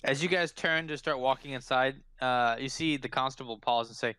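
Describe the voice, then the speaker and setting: A man's voice: medium pitch, normal speed, hardly any pauses, sharp tone, smooth, no room sound. A man narrating a tabletop game as dungeon master in a loose, filler-heavy way.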